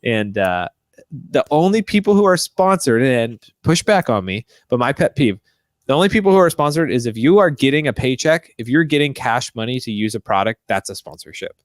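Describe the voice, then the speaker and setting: Young man, podcast host, casual chat, animated storyteller, mid-pitched voice, dry close sound. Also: brisk, no echo. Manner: animated, acts out other people's quotes.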